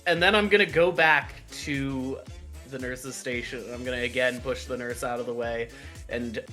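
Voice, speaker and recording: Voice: mid-range voice, steady tone, normal speed, bright, forceful tone, soft background music. A player in a tabletop game talking casually, with lots of fillers. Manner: casual, chatty, filler-heavy.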